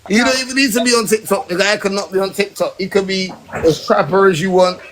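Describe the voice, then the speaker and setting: A man's voice: high voice, quick pace. A man bantering on a casual podcast, teasing and joking. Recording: noisy recording.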